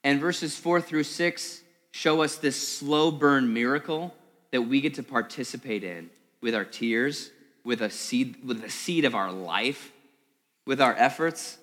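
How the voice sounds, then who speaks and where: A man's voice: medium pitch, unhurried, a bit bright. A male pastor giving a sermon, conversational and vivid, often repeating words as he tells a story. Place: church service in a school hall. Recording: long hall reverb.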